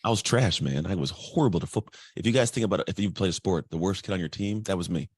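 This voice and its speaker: A man telling his life story as a guest, energetic and chatty, acting out other people's voices. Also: deep voice, quick pace, breathy edge, dry recording. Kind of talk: candid storytelling.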